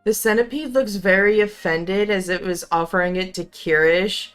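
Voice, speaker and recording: A woman narrating a tabletop game as game master, describing scenes calmly. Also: medium pitch, moderate pace, clear, resonant tone, faint music behind.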